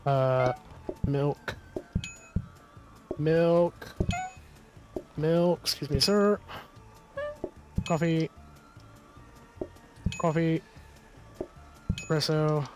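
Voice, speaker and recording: A man's voice: fairly high pitch, very slow, pauses often, over music. A man streaming a game, calling out orders aloud in casual commentary and swearing when things get close. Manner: rattles off orders aloud, swears under pressure.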